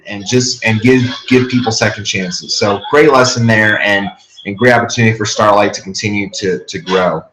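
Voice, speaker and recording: A man's voice: fairly low pitch, fairly bright tone, reverberant, a little hiss or hum, low-quality recording. A man hosting a casual episode review, talking enthusiastically and rambling with frequent restarts. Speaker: podcast host.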